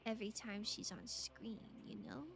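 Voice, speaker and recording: A woman's voice: on the high side, fairly even intonation, normal speed, vocal fry, background noise. A woman streaming a game, chatting casually with viewers in a playful, giggly way. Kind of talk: casual gameplay chat.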